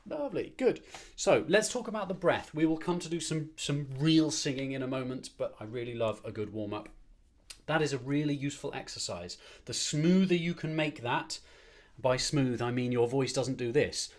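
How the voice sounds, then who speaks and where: A man leading an online choir warm-up as conductor, giving upbeat, encouraging instructions and counting the breaths. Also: mid-range voice, moderate pace. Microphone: streamed to a screen.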